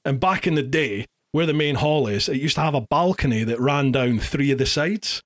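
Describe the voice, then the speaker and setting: A middle-aged man hosts a podcast in relaxed conversation. His voice sits in an ordinary middle pitch, and he tells stories in an animated way, stumbling and restarting as he goes. He acts out the lines he once shouted. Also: normal speed. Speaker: podcast host. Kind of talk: casual podcast storytelling.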